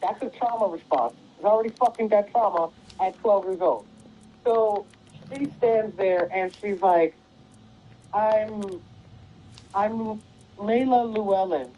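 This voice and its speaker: A woman gaming streamer casually retelling a story while she plays, animated and full of swearing and acted quotes. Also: medium pitch, takes it slowly, low-quality recording.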